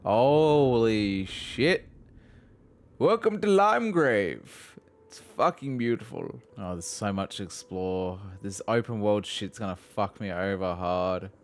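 A young man giving profane, excitable let's play commentary, laughing and mocking as he plays. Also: fairly low pitch, measured pace, few pauses. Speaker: gaming video host.

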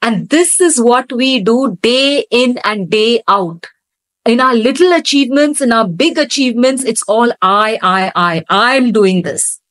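A woman instructor retelling a scripture story in an animated storytelling manner during a lesson. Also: fairly high pitch, measured pace, no room sound, low-quality recording.

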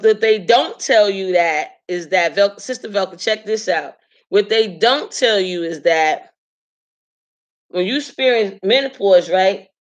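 A woman in her late forties talks straight to her audience in a casual, animated chat, leaning hard on her points and breaking into laughter often. Her voice is bright and sharp-edged, at a middling pitch. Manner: laughs often while telling stories. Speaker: live stream host.

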